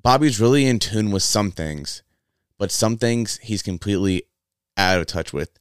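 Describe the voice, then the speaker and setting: A man from Florida co-hosting a podcast, teasing his partner with lively, stammering restarts. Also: fairly low pitch, normal speed, smooth, no room sound, clean studio sound. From Tallahassee, Florida. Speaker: podcast co-host. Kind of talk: casual chat.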